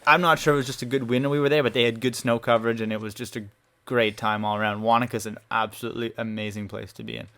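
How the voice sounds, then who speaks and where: A man's voice: medium pitch, flat delivery, quick pace, bright, forceful tone. Young male co-host, mid-range voice, chatty and enthusiastic. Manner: enthusiastic, rambling, uses "like" often. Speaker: podcast co-host. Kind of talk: casual chat.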